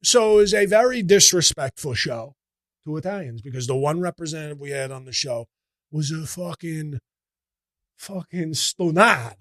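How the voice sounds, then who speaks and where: A man puts on a crude, bragging Italian-American tough guy from New Jersey who swears constantly and boasts loudly. He talks in a raised, fairly high register for a man, with a dry, close sound and no room echo. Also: expressive, normal speed. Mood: brash. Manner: brash, profane, bragging. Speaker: comedy character guest. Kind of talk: in-character comedic rant.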